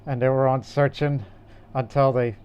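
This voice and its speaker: Smooth-voiced man rambling about games. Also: medium pitch, level tone, normal speed, a little mellow, dull audio. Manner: rambling, hesitant, with fillers and restarts. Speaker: podcast co-host. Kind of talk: casual gaming podcast chat.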